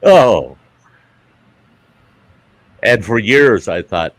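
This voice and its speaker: A man's voice: low-pitched, lively intonation, unhurried, a bit bright. A man hosting a casual livestream chat, telling a rambling, crude anecdote full of swearing. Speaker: livestream host.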